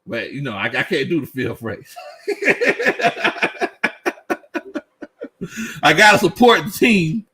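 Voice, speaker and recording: Animated man with lively pitch. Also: brisk, hardly any pauses, a little hiss or hum. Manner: laughs often, animated, Southern slang. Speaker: sports show host. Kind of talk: casual live-stream chat reading comments.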